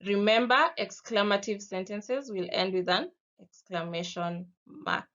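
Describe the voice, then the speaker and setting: A woman with a Kenyan accent teaches a lesson at an unhurried, deliberate pace, pausing to pose questions and give examples. Her voice sits in a middle pitch, and the recording sounds somewhat dull and lo-fi. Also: fairly bright tone. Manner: slow, patient, explaining with spoken examples.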